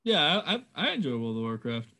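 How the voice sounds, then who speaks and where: Joking man with lively pitch. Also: a little fast. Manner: joking, laughs often. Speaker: podcast co-host. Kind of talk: casual chat.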